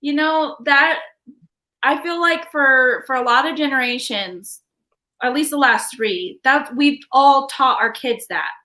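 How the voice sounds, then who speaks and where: A young adult woman hosting a podcast live stream, telling stories in a chatty, animated way. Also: high voice, unhurried. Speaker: podcast host. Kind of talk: casual live-stream chat.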